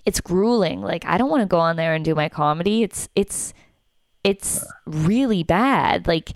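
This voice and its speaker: A woman's voice: fairly low pitch, moderate pace, no echo, clean studio sound. A young woman from Canada, a comedian casually telling a story on a podcast and acting out what people said. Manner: animated, acts out quotes.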